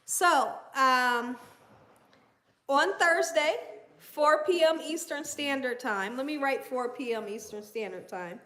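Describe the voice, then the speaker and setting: Southern woman host, high bright voice, chatty livestream manner. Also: slow pace. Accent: Southern American. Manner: chatty, reads viewer comments aloud, coos to her dogs. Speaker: cooking channel host. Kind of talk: casual livestream chat.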